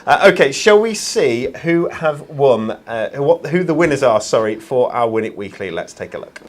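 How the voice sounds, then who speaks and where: A man's voice: mid-range voice, very animated, normal speed. A man hosting a live craft shopping show, chatty and self-deprecating, with plenty of ums. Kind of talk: live shopping-channel presenting.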